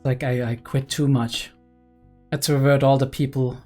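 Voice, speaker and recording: A young man talks through an anime episode in an easygoing reaction style. He is excited and analytical, and keeps adding "right?" and "like" as he thinks aloud. His voice sits in a middle range, with faint guitar music playing underneath. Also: medium pitch, moderate pace. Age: young adult. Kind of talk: casual reaction commentary.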